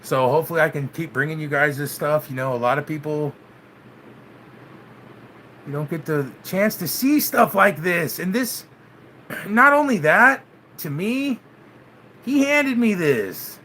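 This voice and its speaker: Bright-voiced dude vlogging loose to his viewers, says man a lot, faint hiss behind. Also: fairly high pitch, animated, measured pace, long pauses. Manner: laid-back, swears, keeps saying "man". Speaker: channel host. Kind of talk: casual vlog chat with live viewers.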